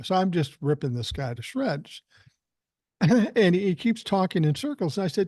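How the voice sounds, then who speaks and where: A man's voice: high-pitched, big pitch swings, normal speed, darkish tone, no room sound, studio quality. An older man hosting a podcast, telling a story in a blunt, profane, combative way. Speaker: podcast host. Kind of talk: casual storytelling chat.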